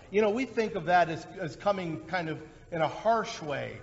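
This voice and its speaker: Preaching pastor, man, fairly high voice, conversational sermon, dull lo-fi recording with long hall reverb. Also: moderate pace, creaky, few pauses. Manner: conversational preaching, animated when voicing quotes.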